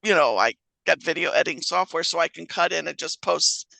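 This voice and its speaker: A woman's voice: sits low, fairly quick, creaky, sharp tone, dry recording, rough recording. A woman hosting her podcast in casual chat, rambling and often restarting her sentences. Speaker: podcast host.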